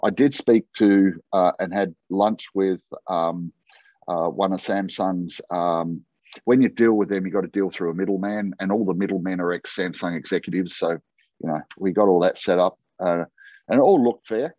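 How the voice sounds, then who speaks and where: Low-voiced Australian man telling a story. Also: normal speed, no echo. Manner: animated anecdote-telling, acting out quoted dialogue. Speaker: interview guest. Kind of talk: conversational storytelling. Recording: dull, lo-fi and dry.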